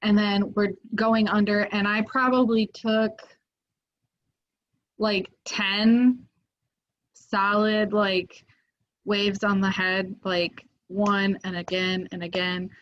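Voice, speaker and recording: A woman in the middle of a casual storytelling, filling her sentences with "like" and getting animated when the story peaks. Her pitch sits in the middle of the range. The sound is a little dull, as if from a basic podcast mic. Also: takes it slowly, slight background noise. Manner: animated, lots of "like" fillers, rises when excited. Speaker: podcast guest.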